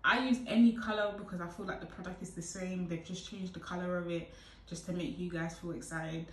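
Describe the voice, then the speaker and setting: A young hair tutorial vlogger chats casually to camera in a brisk, fairly low, steady voice, with a bit of hiss or hum. She sits far from the mic in an echoey room, playful and chatty, breaking into loud whoops.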